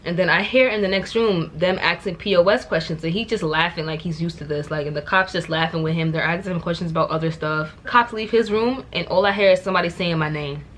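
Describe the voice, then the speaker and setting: Animated young New woman telling a story. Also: fairly low pitch, quick pace, hardly any pauses, a little hiss or hum. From New York. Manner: animated, exasperated, repeats words for emphasis. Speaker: vlogger. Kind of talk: casual storytime.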